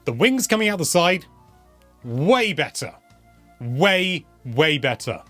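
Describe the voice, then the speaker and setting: A man's voice: fairly high pitch, big pitch swings, takes it slowly, bright, forceful tone, soft background music. A young man hosting a casual live question-and-answer stream, chatty and rambling, often correcting himself mid-sentence. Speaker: host answering viewer questions.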